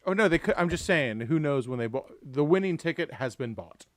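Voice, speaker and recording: A man's voice: fairly high pitch, expressive, a little fast, dry recording, clean studio sound. A man hosting a livestream raffle, bantering casually, joking and laughing often and swearing now and then. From Tampa area. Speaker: livestream host.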